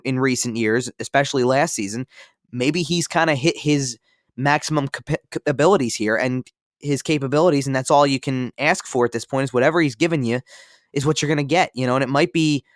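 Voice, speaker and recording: A man's voice: medium pitch, dry recording, clean studio sound. A man co-hosting a podcast in casual sports talk, rambling and repeating himself with many fillers. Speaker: podcast co-host.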